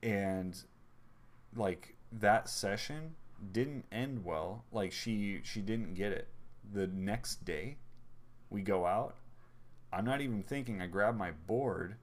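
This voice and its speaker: A man's voice: on the low side, slow. A man in his thirties, a podcast co-host, telling rambling family anecdotes in casual chat and acting out the quotes.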